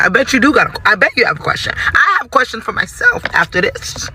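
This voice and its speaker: A woman's voice: a little high, lively intonation, quick pace, hardly any pauses, sharp tone, slight background noise. A young woman telling a dating story vlog-style, outspoken and laughing, swearing freely and getting worked up. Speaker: storyteller vlogger.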